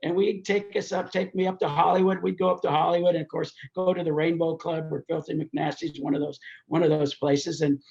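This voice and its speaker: An older man with a rough, gravelly voice pitched a little high tells stories as a podcast guest. He jumps into the voices of the people he describes. The sound is dull and lo-fi. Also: a little fast, few pauses. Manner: animated, acts out quoted voices while telling anecdotes. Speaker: guest, race promoter. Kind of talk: storytelling in a podcast interview.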